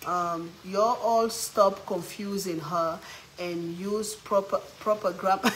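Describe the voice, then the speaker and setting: A woman's voice: medium pitch, fairly even intonation, slow pace, slight background noise, poor audio. Playful African woman cooking and chatting. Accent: African English. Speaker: cooking vlog host. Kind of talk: casual cooking chat while reading viewer comments.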